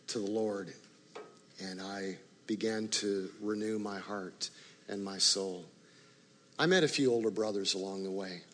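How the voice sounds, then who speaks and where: A male pastor telling a story in a sermon, animated in the story and quiet and low in the prayer. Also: slightly rough. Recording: long reverb of a large hall.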